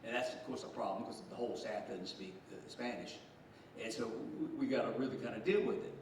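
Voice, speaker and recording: A man's voice: medium pitch, a little fast, a little mellow, a little hiss or hum. A man in his sixties with a Southern US accent, giving a speech to a group as a state official. He tells stories in a folksy, joking way. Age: 60s. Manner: folksy storyteller, joking, chuckling. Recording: echoey room from far off.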